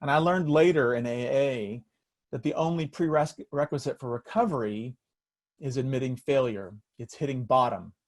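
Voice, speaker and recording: A man's voice: mid-range voice, moderate pace. A man, a pastor, telling a story in an earnest, reflective sermon style with frequent restarts, speaking over a video call.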